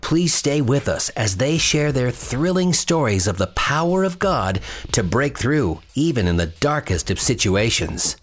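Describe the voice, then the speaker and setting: A man's voice: mid-range voice, big pitch swings, a little slow, slight background noise. A man hosting a faith program, giving a scripted, earnest introduction. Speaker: radio show host. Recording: faint music behind.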